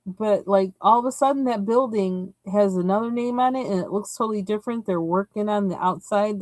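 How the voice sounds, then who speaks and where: A woman's voice: mid-range voice, darkish tone, dry recording, rough recording. A woman hosting a coloring livestream, chatting casually and rambling while she picks colors. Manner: chatty and rambling, laughs often, trails off while searching for colors.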